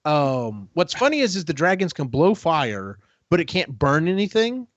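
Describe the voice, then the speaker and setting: A man's voice: a little high, big pitch swings, no room sound. A man hosting a podcast, recapping a book in a casual, rambling way and briefly acting out characters' lines. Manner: rambling retelling, quick acted-out quotes. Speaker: podcast host. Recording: dull, dry lo-fi podcast audio.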